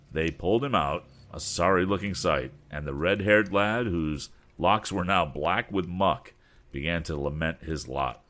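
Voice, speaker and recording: A man reading a story aloud with relaxed, chatty asides. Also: normal speed. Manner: voices the boys' lines with raised pitch. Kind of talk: casual read-aloud narration with asides.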